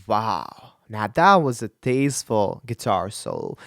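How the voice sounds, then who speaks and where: A man's voice: on the low side, big pitch swings, measured pace, gravelly, a bit bright, dry recording, clean studio sound. A man, a vocal coach, giving enthusiastic, analytical commentary while reacting to a song. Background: faint rock song playing.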